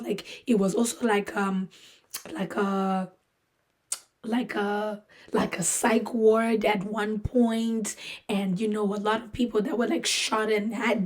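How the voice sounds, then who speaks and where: A woman hosting a podcast, telling a story in a casual, jokey way, acting out what people said and filling with lots of "like". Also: on the high side. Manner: animated, jokey, full of fillers and voiced-out quotes. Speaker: podcast host.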